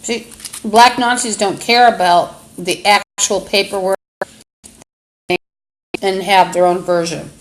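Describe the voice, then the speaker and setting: Speaking at a medium pitch in a steady tone, a woman host talks into a phone camera during a live-stream monologue. She wanders, hesitates with plenty of fillers, and lashes out in angry insults, all captured on a low-quality recording.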